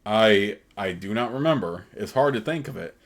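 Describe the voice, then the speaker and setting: A man's voice: fairly low pitch, animated, normal speed, a little hiss or hum. Man reading as Elec, burly old troglodyte. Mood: confused. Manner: broken, simple phrasing. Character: old burly male troglodyte warrior, proud.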